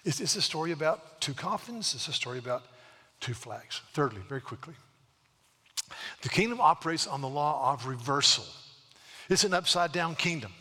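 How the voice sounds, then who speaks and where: A middle-aged man preaching a sermon to his church, earnest, slowing down to stress words and often repeating himself. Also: a little high, animated, bright, forceful tone, slightly rough. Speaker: pastor. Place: church sanctuary. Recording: long hall reverb.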